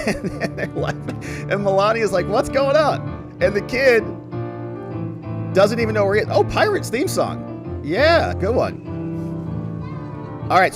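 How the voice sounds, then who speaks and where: Animated, chatty male commentator. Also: high voice. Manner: animated, chatty, jokey asides. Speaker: lawyer commentator, host. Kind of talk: casual commentary over clips.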